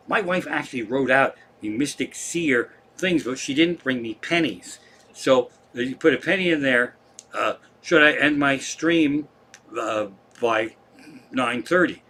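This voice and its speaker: Guy comedian rambling and cussing on a live stream, bright voice. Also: medium pitch, a little hiss or hum. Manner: profane, rambling storytelling. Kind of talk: rambling casual stand-up chat.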